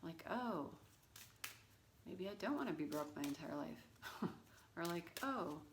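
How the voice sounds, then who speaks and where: A woman with a low, deep speaking voice talks through a tarot reading in a loose, rambling way. She fills her talk with "um" and "like" and keeps going off on asides. A faint hiss sits under the recording. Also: animated, unhurried. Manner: chatty, rambling, full of fillers and asides. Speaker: tarot reader. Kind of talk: casual tarot reading vlog.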